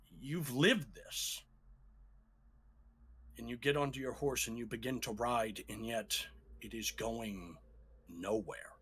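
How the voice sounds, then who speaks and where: A man narrating a tabletop game as game master, telling the story in a dramatic, measured way. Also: mid-range voice, bright, forceful tone, slightly rough.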